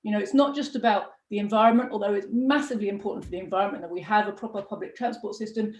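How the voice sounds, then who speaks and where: A woman's voice: mid-range voice, fairly even intonation, very fast. A middle-aged woman hosting a political broadcast, talking in a passionate, emphatic, conversational way. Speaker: party deputy leader hosting a live broadcast. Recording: echoey room.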